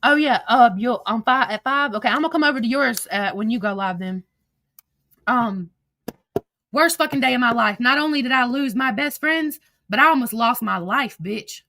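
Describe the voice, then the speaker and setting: A woman's voice: a little high, normal speed, bright, forceful tone, slight background noise. A woman hosting a livestream, ranting angrily and emotionally with lots of swearing and repetition into a phone. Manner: angry, profane, emotional, repeats herself. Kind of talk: heated livestream rant.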